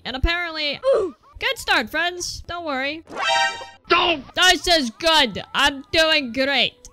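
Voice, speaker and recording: Excitable high-voiced woman gamer. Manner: excitable, panicky outbursts and self-mocking banter. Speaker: gaming YouTuber. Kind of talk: let's play commentary.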